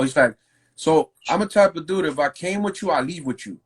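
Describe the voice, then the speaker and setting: Husky New man telling stories. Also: a little high, lively intonation, normal speed, poor audio. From New York. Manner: loose and profane, full of fillers and slang. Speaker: graffiti writer, interview guest. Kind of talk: casual storytelling interview.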